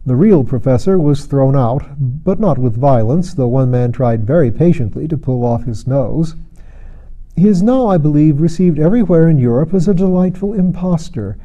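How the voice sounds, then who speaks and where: Dark-voiced male audiobook narrator. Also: on the high side, animated, moderate pace.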